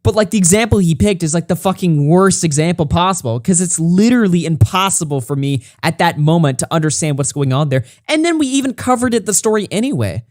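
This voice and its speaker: A man's voice: high-pitched, lively intonation, fast talker, few pauses, a little mellow, no echo, clean studio sound. A man streaming, reacting to a critic's video with mocking, sarcastic, heavily profane commentary. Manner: mocking, sarcastic, heavy swearing.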